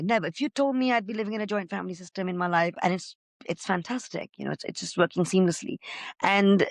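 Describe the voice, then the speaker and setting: Expressive woman with a gravelly edge. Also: fairly low pitch, no echo. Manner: expressive, says she is loud and gregarious. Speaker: podcast guest. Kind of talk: emotional personal storytelling.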